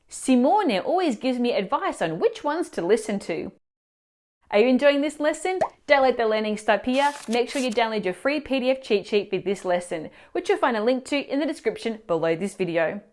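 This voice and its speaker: A woman teacher explaining grammar mistakes in clear, instructive scripted narration, asking the viewer questions. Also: fairly high pitch, expressive, moderate pace. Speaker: language teacher.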